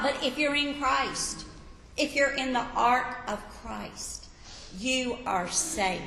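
A woman preaching a sermon, emphatic, rising to loud peaks and telling listeners to write points down. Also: high voice, slow, gravelly. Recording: echoey hall with long reverb.

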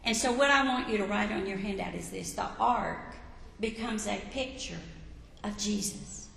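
A woman preaching a sermon, emphatic, rising to loud peaks and telling listeners to write points down. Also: mid-range voice, normal speed, vocal fry, slight background noise. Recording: echoey hall with long reverb.

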